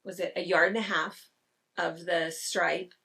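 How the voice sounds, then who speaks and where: A woman's voice: fairly low pitch, steady tone, measured pace, creaky, sharp tone, husky, distant mic. A woman co-hosting a quilt shop video, telling a story in a chatty way and laughing often. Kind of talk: casual chat.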